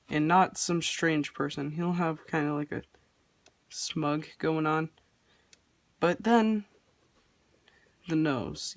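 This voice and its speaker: Slow, rambling drawing-tutorial voice. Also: medium pitch, no room sound. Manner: rambling, offhand and self-deprecating. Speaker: art tutorial host. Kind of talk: casual drawing tutorial narration.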